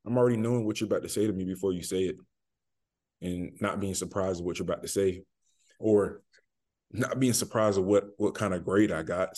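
A man's voice: on the low side, darkish tone. A young man, a college football player, answering interview questions casually, with many fillers and restarts. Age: young adult.

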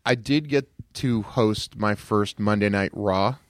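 A man guesting on a podcast, telling animated stories in casual chat and jumping into loud put-on voices. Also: on the low side, slow, no echo, studio quality.

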